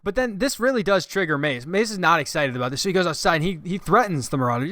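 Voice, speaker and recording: A man's voice: a little high, animated, fast talker, few pauses, pushed and bright, no echo, studio quality. A man hosting a podcast, recapping a film in casual chat, often laughing and quoting lines from it. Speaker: podcast host. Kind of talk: casual movie-review chat.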